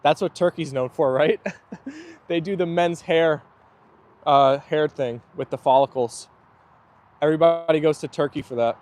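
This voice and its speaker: A man's voice: fairly high pitch, a little slow, long pauses, darkish tone. A young man hosting a live stream outdoors, chatting easily and reading viewer comments aloud while his dogs play. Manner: chatty and easygoing, laughs often. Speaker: livestream host.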